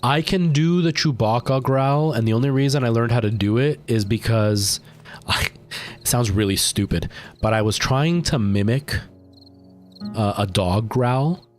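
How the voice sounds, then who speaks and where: A man's voice: mid-range voice, unhurried, soft background music. A man livestreaming a game, chatting casually and rambling to his chat while he plays. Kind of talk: casual gameplay stream chat.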